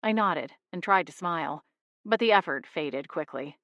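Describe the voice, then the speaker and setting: A woman narrating a first-person audiobook in a steady, even storytelling voice on a studio microphone. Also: lowish voice, normal speed, dry recording, highs cut off.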